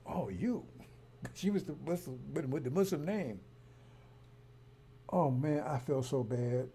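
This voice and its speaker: A man's voice: on the high side, expressive, slow pace, mellow, breathy edge. A man telling a story and ranting in a heated, rambling way, repeating himself often. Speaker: broadcaster. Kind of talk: casual monologue.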